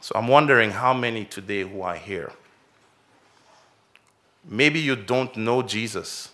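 A man's voice: on the low side, measured pace. A man preaching a children's sermon, telling a story with big swells and drops, then asking many direct questions. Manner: expressive storytelling, swells and drops in loudness and pace. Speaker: pastor.

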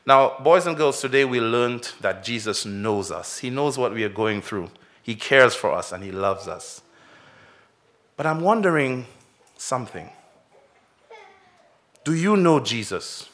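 Bright, expressive male pastor. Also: mid-range voice, a little slow, pauses often. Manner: expressive storytelling, swells and drops in loudness and pace; asks the listeners many direct questions. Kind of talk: children's sermon with story.

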